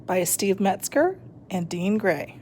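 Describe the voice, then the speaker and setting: Woman reader, children's storybook, slow unhurried delivery, lively pitch. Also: a little hiss or hum. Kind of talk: children's picture book read-aloud.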